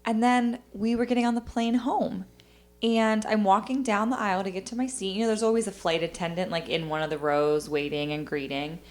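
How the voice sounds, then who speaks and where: A young adult woman co-hosting a podcast, telling a story in animated, casual chat. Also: medium pitch, fairly quick. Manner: animated storytelling, acts out quoted voices. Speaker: podcast co-host.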